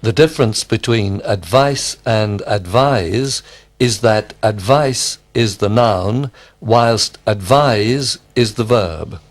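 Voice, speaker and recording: Slow, careful man giving full answers. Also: fairly low pitch. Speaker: student in drill. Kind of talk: scripted language drill.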